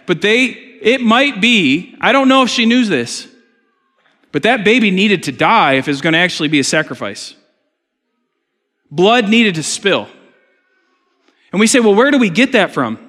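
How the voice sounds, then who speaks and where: A male pastor preaching to his congregation in a relaxed, conversational way, breaking in with jokes and swinging from loud emphatic lines to quiet asides. His voice sits a bit higher than most men's. The sound carries a long reverb from a large church room. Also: normal speed, long pauses. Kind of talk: sermon. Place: church sanctuary.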